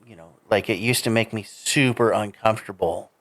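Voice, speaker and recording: A man's voice: lowish voice, brisk, fairly bright tone. A man hosting a podcast, speaking in casual chat with affirming responses. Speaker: podcast host.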